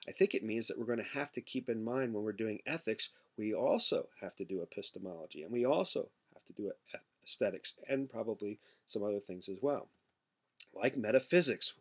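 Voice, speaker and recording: A man giving a philosophy lecture in a class, explaining terms with rhetorical questions and filler words, slowing down to stress key words. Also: medium pitch, breathy edge.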